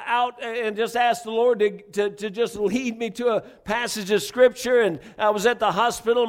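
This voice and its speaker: A man's voice: very high-pitched, fairly bright tone. A man preaching a sermon, fervent and conversational, repeating phrases and restarting lines as he builds. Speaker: pastor.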